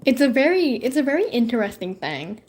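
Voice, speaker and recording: A woman's voice: on the high side, big pitch swings, brisk, a little mellow, slight background noise. A woman vlogging at home in casual chat to camera, swearing and teasing her cat.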